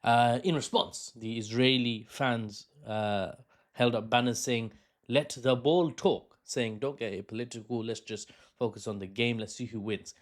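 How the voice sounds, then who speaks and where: A man talks through current events in a loose, unscripted way. He stumbles, restarts phrases and fills pauses with "uh" and "um". His pitch sits in an ordinary middle range for a man. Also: steady tone. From United Kingdom. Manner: rambling, with fillers and self-corrections. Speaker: political commentator. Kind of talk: casual spoken commentary.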